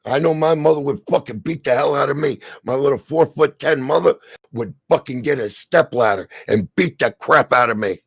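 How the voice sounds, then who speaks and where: Gravelly, furious New Jersey man ranting. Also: mid-range voice, normal speed, dry recording. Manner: profane, heated, stammering rant. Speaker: stream co-host. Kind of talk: angry ranting commentary.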